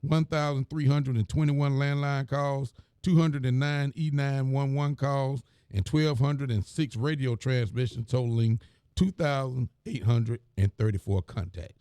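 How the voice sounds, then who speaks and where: A man's voice: mid-range voice, steady tone, measured pace, warm tone, clear, resonant tone, no room sound, clean studio sound. A man, a county sheriff, reading the week's reports and talking in a plain, folksy way on a live stream. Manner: plain, folksy, repeats phrases.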